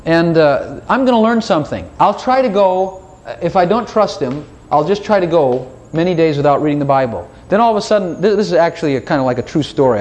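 Playful preacher man, slightly high voice. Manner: chatty and animated, with playful asides and little laughs; voices his own prayers to God in quoted dialogue. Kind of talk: informal sermon.

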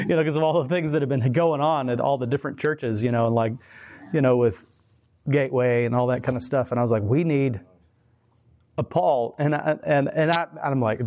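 A man's voice: medium pitch, a little fast, darkish tone. A man preaching in a casual, conversational sermon style, telling stories with many restarts and laughing at himself. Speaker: pastor.

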